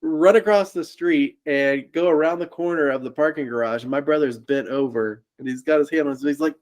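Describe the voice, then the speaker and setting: A podcast co-host from Indiana tells a story in casual conversation, voicing the people in it and laughing often. His voice is fairly high and his delivery brisk.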